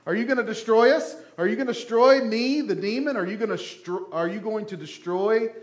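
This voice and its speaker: A man voicing a terrified male demon that shrieks and pleads in a shrill voice. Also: expressive, a little slow, a bit bright, full character voice. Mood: pleading.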